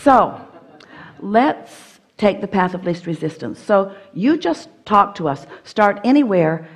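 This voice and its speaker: A woman teaching at a live seminar, speaking as "we" and coaching an audience member step by step in a firm, playful manner. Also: on the low side.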